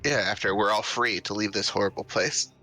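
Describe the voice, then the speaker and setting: A man's voice: on the low side, steady tone, a little fast, bright, forceful tone. A man playing in an online tabletop game, joking and laughing often as he describes his character. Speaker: player.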